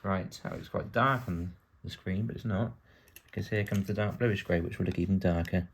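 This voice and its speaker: A British vlogger from the UK narrates a build-along casually, chatty and full of wry asides as he works. His voice sits low and steady at normal speed, with some creak, and there's a little hiss or hum.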